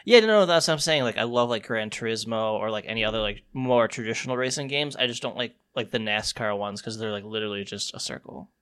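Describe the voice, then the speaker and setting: A man's voice: lowish voice, fast talker, hardly any pauses, a bit bright, clean tone. A man co-hosting a podcast in casual banter, blunt and swearing often, on a call. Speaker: podcast co-host, card store worker. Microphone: phone or remote call.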